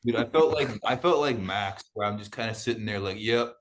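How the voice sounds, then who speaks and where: A man's voice: fairly low pitch, expressive, fairly quick, a little hiss or hum. A young man co-hosting a film podcast, joking and swearing in casual chat. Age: young adult.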